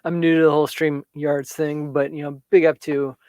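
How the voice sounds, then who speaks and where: A man's voice: fairly high pitch, flat delivery, dry recording, clean studio sound. Laid-back male livestream host. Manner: laid-back, quick reactions and shout-outs. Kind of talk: casual interview chat.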